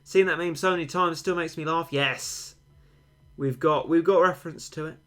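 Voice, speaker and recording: A man's voice: on the high side, moderate pace, a bit bright. A young man, a game streamer, chatting casually and rambling, answering viewer comments with mock-dramatic overstatement.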